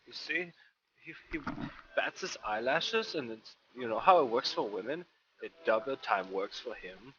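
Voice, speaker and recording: A playful man riffing and teasing between laughs during an online tabletop game. His voice is bright and swings widely in pitch, with a faint hiss underneath. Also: animated, moderate pace, lo-fi sound. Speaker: player. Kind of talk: joking tabletop game chat.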